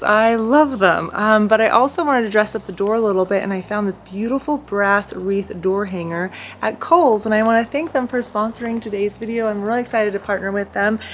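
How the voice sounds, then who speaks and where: A woman's voice: mid-range voice, a little hiss or hum. A woman vlogger in her thirties, gushing enthusiastically as she shows off home decor around her house. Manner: gushing, enthusiastic, lots of "beautiful" and fillers. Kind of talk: casual sponsored home decor vlog. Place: at home, porch and indoors.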